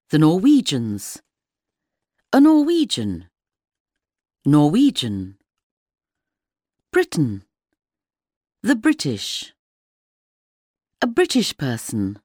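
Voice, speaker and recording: A woman with a low, husky voice reads vocabulary aloud very slowly, pausing after each word. Her pitch swings widely from word to word, and the recording is dry and close. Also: a little mellow, no echo. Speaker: language teacher. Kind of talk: slow vocabulary drill.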